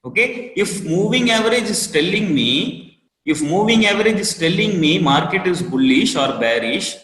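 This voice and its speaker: A man with an Indian English accent teaching a live online trading class, repeating each point and asking students for a quick yes. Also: sits high, animated, a bit bright. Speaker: trading course instructor. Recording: roomy echo with long reverb.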